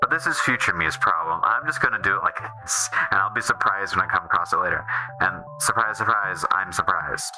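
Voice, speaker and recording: A man's voice: sits low, fairly quick, over music, rough recording. A man streaming a game, chatting casually in a rambling way that keeps restarting and trailing off. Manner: rambling, self-interrupting, restarts often.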